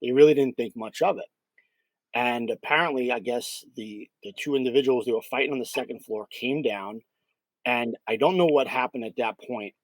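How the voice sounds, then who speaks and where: A man's voice: mid-range voice, a bit bright, dry recording, poor audio. A man, a paranormal investigator, telling a case story in a casual interview with many fillers and acted-out quotes.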